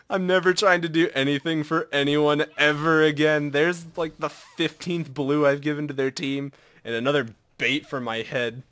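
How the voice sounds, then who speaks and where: A young man giving casual live commentary over his own game, excitable and self-mocking, dropping to mutters and jumping to yelps. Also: on the high side, measured pace, dry recording. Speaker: gameplay commentator.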